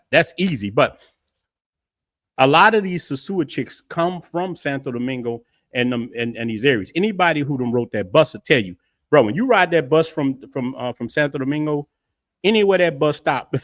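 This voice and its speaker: A middle-aged man from the United States hosting a casual livestream from his house, talking in an animated, rambling way with frequent laughs. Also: medium pitch, no room sound, studio quality. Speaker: travel livestream host.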